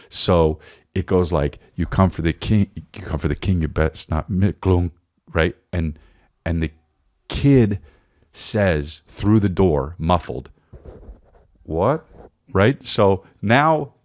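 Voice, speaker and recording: A man in his forties with a low voice tells a rambling comic story on his podcast. His delivery rises and falls widely as he acts out the quotes in his tale, stumbling and restarting often as he goes. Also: no room sound, studio quality. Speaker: comedian podcast host.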